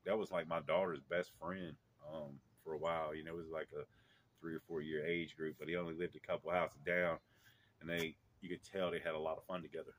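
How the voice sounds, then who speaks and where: A man's voice: a bass voice, level tone, brisk, slight background noise. A middle-aged man casually telling a personal story outdoors in a yard, rambling with many fillers and restarts.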